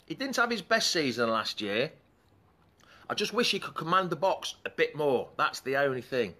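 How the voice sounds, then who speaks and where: A man's voice: on the high side, big pitch swings, normal speed, sharp tone. A man hosting a live fan chat show in a chatty, rambling way, breaking off to greet commenters.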